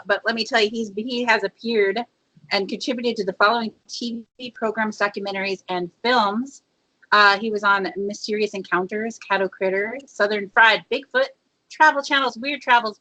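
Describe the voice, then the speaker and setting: Casting: woman radio host, Upper Midwest accent, bright tone, chatty and upbeat. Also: mid-range voice, low-quality recording. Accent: Upper Midwest American. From Fargo, North Dakota area. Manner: chatty and upbeat, with filler words. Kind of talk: casual radio talk show.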